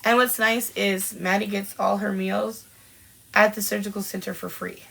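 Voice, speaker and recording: A woman in her forties from Washington State chats on a live-streamed podcast and reads out viewer comments. Her voice is bright and forward, with a gravelly fry. She greets people by name and laughs often. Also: medium pitch, steady tone, moderate pace, low-quality recording. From Washington State, USA. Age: 40s. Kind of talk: casual chat reading out live comments.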